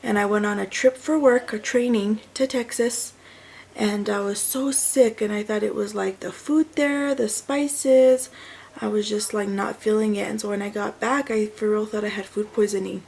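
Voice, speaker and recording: A woman's voice: medium pitch, fairly even intonation, moderate pace, creaky, darkish tone, breathy edge, poor audio. A woman in her thirties, a mother and vlogger, casually telling a personal story and correcting herself as she goes. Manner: chatty, self-correcting, rambling with fillers.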